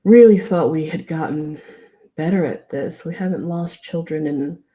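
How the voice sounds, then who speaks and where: A courteous, hesitant male teacher in a tabletop game, voiced by a woman game master. The voice is low and mellow, and the words come slowly and carefully. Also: natural voice. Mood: concerned. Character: polite, concerned male teacher.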